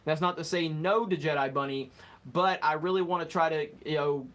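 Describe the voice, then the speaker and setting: A man's voice: fairly high pitch, a little fast, fairly bright tone. A young man hosting a live stream, casually reading out chat comments with a joking, rambling manner and the odd fumble over words.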